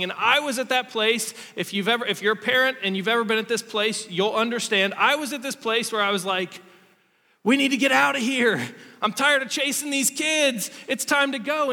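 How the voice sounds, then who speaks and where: A man's voice: high-pitched, bright, forceful tone, long reverb tail. A man in his thirties preaching a sermon, telling a story about himself and acting out the quotes in it. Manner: storytelling, self-deprecating, acts out quotes. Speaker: pastor.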